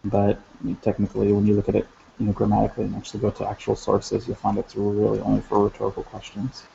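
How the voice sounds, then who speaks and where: A man with a low, gravelly voice explains grammar in a recorded lesson. He talks in a flat, halting way, full of fillers and restarts, and the sound is dull and lo-fi. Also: a little hiss or hum. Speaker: language teacher.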